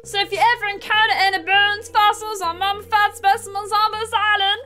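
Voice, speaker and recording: A woman voicing an eccentric male snail professor who collects bones, in a high sing-song put-on voice. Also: steady tone, measured pace, pushed and bright, heavily acted. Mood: eager.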